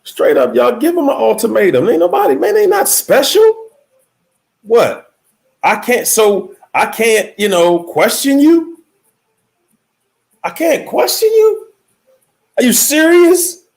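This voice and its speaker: A man hosting a motivational livestream, talking emphatically and straight to his viewers, swinging between high exclaims and low murmurs. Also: big pitch swings, slow, gravelly, pauses often, a little mellow. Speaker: livestream host.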